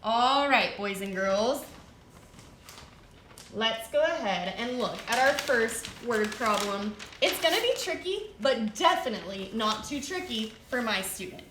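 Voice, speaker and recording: Bright, sing-song woman teaching first graders. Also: a little high, animated, unhurried, echoey room, noisy background. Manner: sing-song, encouraging, talks to children. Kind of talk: televised classroom lesson. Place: studio set.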